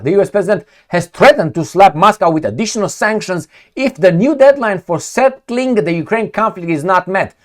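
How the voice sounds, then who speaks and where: A man ranting angrily about the news, sarcastic and swearing, reading headlines aloud and picking them apart. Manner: angry, sarcastic, swearing, lively swings in pitch. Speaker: political commentator.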